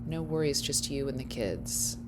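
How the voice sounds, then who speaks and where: A woman giving casual, wry commentary as she reacts to a video clip, laughing often and thinking out loud. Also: extremely low pitch, moderate pace, noisy background.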